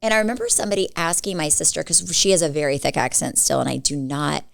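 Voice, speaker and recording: Woman, forties, podcast co-host, rambling storyteller, lowish pitch. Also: expressive, fast talker, gravelly. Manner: chatty storyteller, filler-heavy with frequent "like". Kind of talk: casual chat.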